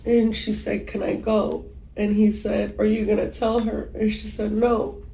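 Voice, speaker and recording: A woman giving emotional interview testimony as a mother, halting and hesitant with many pauses. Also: mid-range voice, little pitch movement, gravelly, dark tone. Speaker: mother recounting a killing. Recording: echoey room with faint background noise.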